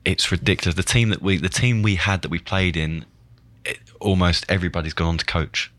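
A man, a football coach and former player, speaking reflectively as a podcast guest in casual chat, often halting and repeating words. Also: sits low, steady tone, a bit bright, no room sound. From England.

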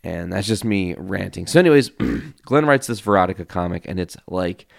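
A man hosting a podcast, telling a casual, profane story with animated quoted voices. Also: sits low, normal speed, gravelly, dry recording, studio quality. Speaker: podcast host.

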